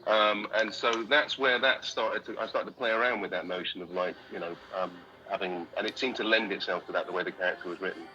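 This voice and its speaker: British guy chatting in an interview, bright forward voice, laughs a lot and pokes fun at himself, sounds a bit like radio. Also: fairly low pitch, brisk, few pauses, highs cut off. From Britain. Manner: self-deprecating, laughs often. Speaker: actor guest. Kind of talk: casual interview chat.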